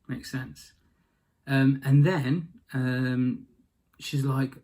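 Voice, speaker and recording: A man retelling a fairy tale in a casual comic style, with deadpan asides and rambling detours. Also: medium pitch, slow pace, long pauses, breathy edge. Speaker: storyteller.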